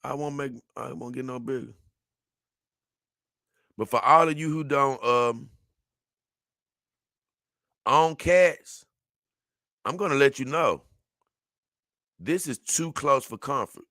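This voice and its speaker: A man giving casual, animated reaction commentary, exclaiming and laughing as he talks. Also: medium pitch, slow, long pauses, dry recording, clean studio sound. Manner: animated, exclaiming and laughing, dips into mock voices. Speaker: video reactor.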